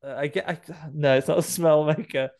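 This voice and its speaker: A man's voice: on the high side, fairly even intonation, a little fast, a little mellow. A man co-hosting a podcast, joking and laughing in casual chat. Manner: jokey, laughs often. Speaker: podcast co-host.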